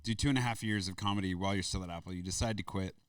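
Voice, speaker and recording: A man hosting a casual podcast, chiming in with quick jokes and questions. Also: deep voice, smooth, no room sound, far from the mic. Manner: quick, joking interjections. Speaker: podcast host.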